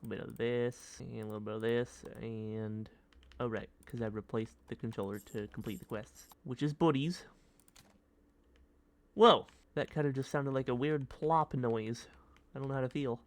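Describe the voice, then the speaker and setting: A young man streaming a modded block-building game, rambling in goofy, silly commentary with sudden high yelps. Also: moderate pace. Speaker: gaming streamer. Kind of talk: casual gameplay commentary.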